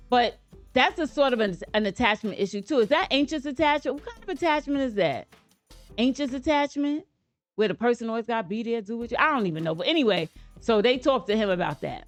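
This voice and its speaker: A woman's voice: fairly high pitch, expressive, a little fast, faint music behind. An American woman hosting a reaction video, chatting casually and speaking straight to her viewers with playful asides. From United States.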